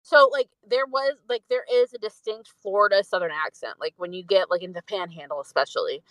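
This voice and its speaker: A woman's voice: medium pitch, a little fast, fairly bright tone, no room sound, rough recording. Rambling young woman reviewing a film. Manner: rambling, fills speech with "like". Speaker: podcast co-host. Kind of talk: casual film review chat.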